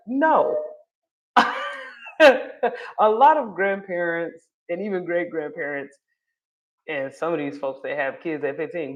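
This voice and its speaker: A woman in her thirties with a lowish voice, recorded with muffled sound, reacts to a clip as a vlogger. Her commentary is casual and chatty, packed with fillers and frequent laughter.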